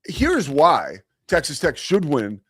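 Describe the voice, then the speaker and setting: A man's voice: on the high side, wildly swooping pitch, slow, a bit bright, slightly rough, no echo, studio quality. A man hosting a sports talk show, telling a story in a rambling, self-mocking way with lots of fillers. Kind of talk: casual storytelling monologue.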